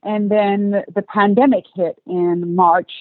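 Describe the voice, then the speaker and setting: A woman's voice: mid-range voice, level tone, takes it slowly, dry recording. Chatty woman with a light Australian-British accent. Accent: light Australian mixed with British. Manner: chatty, laughs often, many ums. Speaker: actress and producer guest. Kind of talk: casual interview chat. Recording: dry phone-like line.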